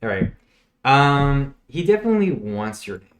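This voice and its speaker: A man's voice: medium pitch, very animated, normal speed, very noisy. A man running a tabletop role-playing game as game master, playful as he calls for rolls.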